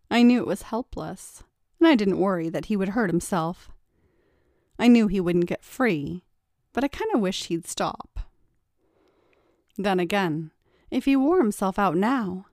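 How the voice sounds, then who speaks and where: A woman's voice: medium pitch, a little mellow, dry recording. A woman reads a first-person story aloud, teasing and taunting as she goes. Her voice sits in a middle range. The recording is very dry, with no room sound. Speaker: story narrator.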